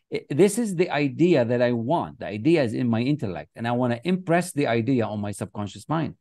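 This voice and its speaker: A man leads a motivational masterclass with a middle-pitched voice, pressing his points with emphasis. He chants short affirmations over and over, and the sound is dry and close. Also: lively intonation, a little fast, few pauses, a little mellow, no room sound. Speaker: success coach. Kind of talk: motivational teaching. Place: online class, writing on screen with a mouse.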